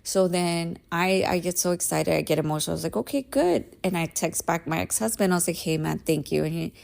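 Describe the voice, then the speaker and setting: A woman in her thirties hosts a podcast, telling a personal story in a candid, emphatic casual monologue, swearing freely and often tossing in "right?". Her voice sits on the low side with a creaky, darkish tone, and she talks fast with a flat delivery.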